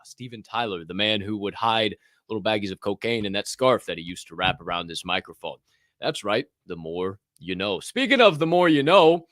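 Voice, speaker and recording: A man's voice: mid-range voice, a bit bright, dry recording, studio quality. A man hosting a podcast, joking and swearing casually, laughing at his own bits. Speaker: podcast host. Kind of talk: casual chat.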